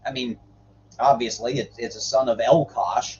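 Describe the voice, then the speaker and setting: A man hosting a stream who swears freely while joking about scripture, then reads the old verses slowly and deliberately. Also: medium pitch, steady tone, darkish tone, lo-fi sound. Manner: irreverent, swears freely, jokes between readings. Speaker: host reading the Bible on a livestream. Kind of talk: casual commentary and scripture reading.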